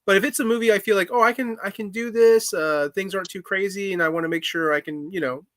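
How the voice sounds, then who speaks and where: Chatting casually as a podcast co-host, a man talks fast with lots of fillers and restarts. His high voice is fairly bright with fairly even intonation, and the clean studio recording has no echo.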